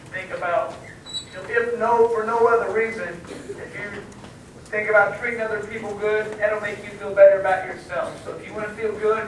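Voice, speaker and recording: Guest speaker, male, earnest and rambling, fairly high voice, recorded from far off in a noisy, echoing school hall. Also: fairly bright tone. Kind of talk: answering students' questions. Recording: echoey room from far off, noisy.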